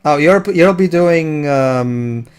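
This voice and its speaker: A man's voice: fairly high pitch, slow pace, clear, resonant tone. Rambling man chatting over a game. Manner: rambling, restarts a lot, excitable. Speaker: let's play commentator. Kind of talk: casual gaming chat.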